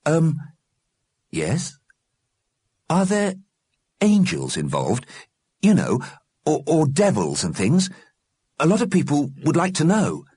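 A man's voice: fairly high pitch, wildly swooping pitch, slow pace, long pauses, darkish tone, slightly rough, dry recording, studio quality, pitched above the performer's own voice, heavily acted. A man doing an earnest, stammering boy. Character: earnest young boy, anxious.

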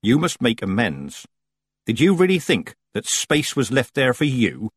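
A man's voice: mid-range voice, huge pitch swings, measured pace, breathy edge, no echo, studio quality, voice pushed up, full character voice. A man voicing a stern, commanding old woman witch in a storybook, clipped and cold.

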